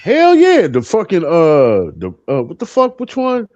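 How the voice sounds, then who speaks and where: Man in his 50s, panel co-host: profane, animated storyteller, very lively pitch. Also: measured pace, dry recording, dull audio. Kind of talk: casual storytelling on a live panel.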